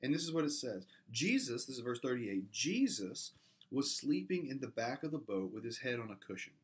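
A man's voice: medium pitch, sing-song, normal speed. A man preaching an earnest sermon as a pastor, building to emphatic peaks and often restarting his words.

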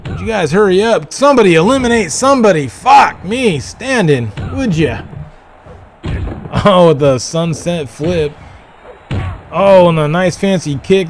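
Excitable high-voiced man calling wrestling. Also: slight background noise. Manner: excitable, profane, shouting calls. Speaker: livestream host. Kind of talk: excited play-by-play wrestling commentary.

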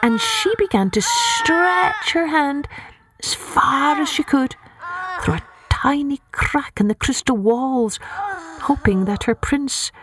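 A woman storyteller narrating a children's tale in an expressive, gentle way. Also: high-pitched, slow pace, noisy background. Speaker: storyteller, podcast host.

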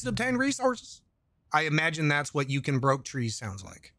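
Lively high-voiced swearing gamer man. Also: moderate pace, dry recording. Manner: rambling, swearing, jokey asides, reads chat aloud. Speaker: gaming YouTuber. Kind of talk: casual let's-play commentary. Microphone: desk microphone.

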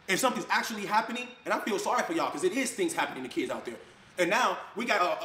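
A man with a high voice tears into his critics at a rapid clip. He sounds angry and mocks the people he quotes, and his voice rings around an echoey room. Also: a bit bright. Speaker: influencer addressing critics. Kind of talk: heated ranting video clip.

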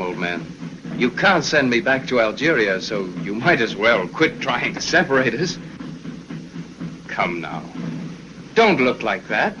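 A man's voice: medium pitch, muffled recording, noisy background. An actor playing a passionate, jealous young man who talks in an impassioned way, in 1930s film acting on an old soundtrack with music. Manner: impassioned, swings between pleading and rage.

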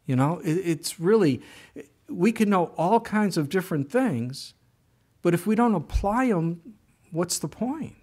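A male pastor delivers his sermon like a story told in conversation, with lively asides and high, strained outbursts whenever he acts out his own griping. His husky voice moves at an unhurried pace.

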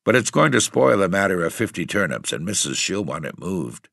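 A man's voice: sits low, sing-song, brisk, gravelly, fairly bright tone, no room sound, studio quality, full character voice. A man voicing a worried, middle-aged rustic village landlord who speaks in plain country talk. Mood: fretful.

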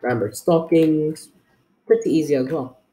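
Young male gamer, casual rambling commentary, slow delivery, put-on unplaced accent for laughs. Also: a little high, warm tone. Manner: rambling, jokey, talks to viewers while playing. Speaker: gaming video creator.

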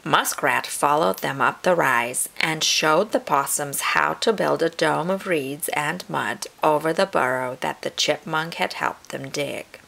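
A woman reading a picture book aloud to children in an expressive storytelling manner. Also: low-pitched, a little slow, vocal fry, few pauses. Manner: warm, expressive read-aloud delivery.

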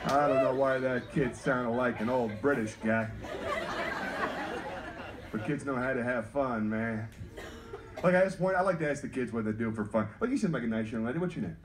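A man's voice: medium pitch, normal speed, pauses often, very noisy. A man from North Carolina doing stand-up comedy and playful crowd work.

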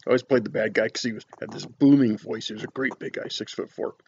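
A man chats casually on his cigar-review vlog, drifting into folksy stories with lots of fillers. His voice is gravelly and somewhat husky. The recording sounds a little dull and lo-fi. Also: on the low side, fairly even intonation, quick pace, a little mellow. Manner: rambling, folksy storytelling with many fillers.

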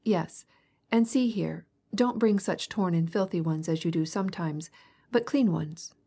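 A woman's voice: lowish voice, unhurried, dark tone, breathy edge. A woman doing a jovial blustering old count. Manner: hearty, bluff commands.

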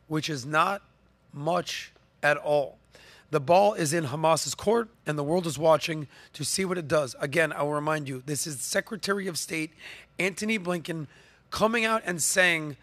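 A man hosts a podcast, pressing his points with rhetorical questions and repeated lists. His voice sits on the higher side and sounds dry and close, with little room echo. He coughs and clears his throat now and then. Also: fairly bright tone. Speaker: podcast host. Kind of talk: opinion commentary, talking to camera and co-host.

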